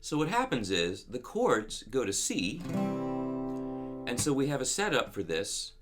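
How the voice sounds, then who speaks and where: A man giving a guitar lesson in a calm, methodical way, counting beats and scatting rhythms aloud as he explains the parts. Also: mid-range voice, measured pace. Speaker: guitar teacher. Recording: music playing loud under the voice.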